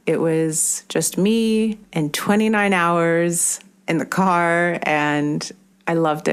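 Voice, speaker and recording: A woman telling a personal road-trip story in a measured, earnest way. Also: fairly low pitch.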